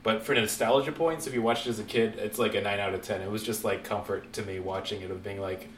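A man hosting a casual podcast, chatting in an animated, jokey way and laughing often. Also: on the low side, fast. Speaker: podcast host. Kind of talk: casual chat. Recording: roomy echo, faint background noise.

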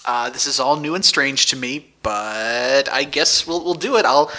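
A man's voice: medium pitch, unhurried, pushed and bright. A man playing a bewildered young woman recruit who talks hesitantly and unsure of herself.

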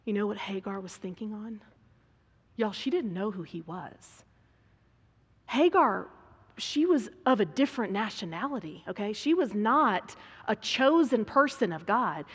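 A woman preaching a sermon, dramatic and swinging between hushed whispers and loud emphasis. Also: mid-range voice, animated, a little slow, husky. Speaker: speaker preaching to a women's gathering. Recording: long reverb of a large hall.

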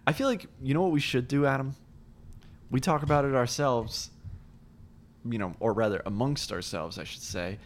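A man's voice: mid-range voice, moderate pace, pauses often. A man co-hosting a podcast in casual chat, rambling and laughing often. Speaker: podcast co-host.

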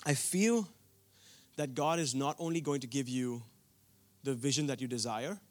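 A man's voice: mid-range voice, moderate pace. A young man from India preaching a sermon, telling a personal story earnestly, with frequent restarts.

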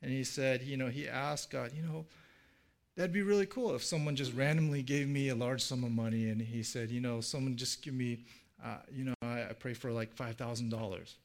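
A middle-aged pastor gives a relaxed, chatty sermon, circling through "you know" and restarts as he tells a story. His voice sits at an ordinary pitch with a gravelly edge. When he quotes people, his voice brightens and rises. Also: fairly quick. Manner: casual storytelling with many fillers and restarts; acts out quoted speech in a livelier voice.

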